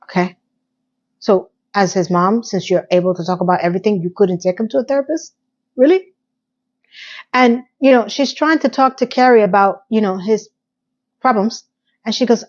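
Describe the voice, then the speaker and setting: A woman's voice: medium pitch, normal speed, long pauses, darkish tone, muffled recording. A woman chatting casually to her viewers as she recaps a TV episode, sassy and direct.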